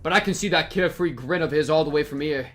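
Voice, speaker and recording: A cocky British sniper, dry and flippant, as a man puts on the accent reading game lines. The voice sits a touch high and sounds bright and forceful, with clipped, wry phrasing. Faint game music plays behind. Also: quick pace, natural voice. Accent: put-on British. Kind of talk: reading game dialogue aloud.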